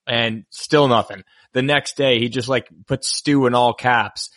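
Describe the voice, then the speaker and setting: Male co-host, bright voice, dry close mic, amused recounting. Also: medium pitch, steady tone, no room sound. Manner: amused, recounts with quick asides. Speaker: podcast co-host. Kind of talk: casual comedic chat.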